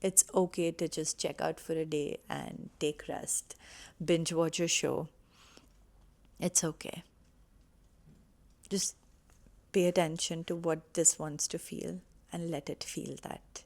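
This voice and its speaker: Slow and often pausing, a woman shares personal healing advice to camera in a deep, slightly mellow voice with fairly even intonation. Her casual, heartfelt talk comes across as earnest and reassuring.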